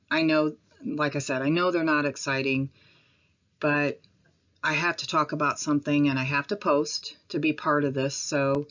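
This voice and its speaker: A woman from the Midwest of the United States with a Midwestern accent, rambling and apologetic in a casual vlog, with pauses and ums. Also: low-pitched, fairly bright tone, dull audio. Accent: Midwestern American. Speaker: vlogger. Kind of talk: casual talk to camera. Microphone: home recording.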